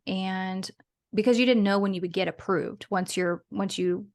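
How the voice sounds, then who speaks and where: A woman's voice: medium pitch, steady tone, moderate pace, a little mellow. A woman guest in a casual interview, talking in a chatty, rambling way with frequent restarts and small laughs. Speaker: guest, business owner and podcaster.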